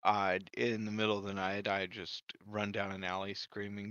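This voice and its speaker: A man's voice: lowish voice, level tone, moderate pace, a bit bright, clean tone, no echo, lo-fi sound. A man chatting as a tabletop game player, joking and contrarian. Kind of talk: casual chat between players.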